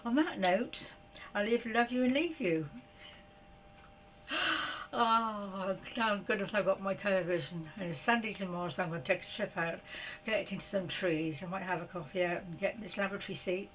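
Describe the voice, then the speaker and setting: A woman's voice: mid-range voice, fairly even intonation, a little fast, fairly bright tone, slight background noise, rough recording. An older woman vlogging in a rambling, chatty way, often laughing as she talks. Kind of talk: casual spiritual vlog.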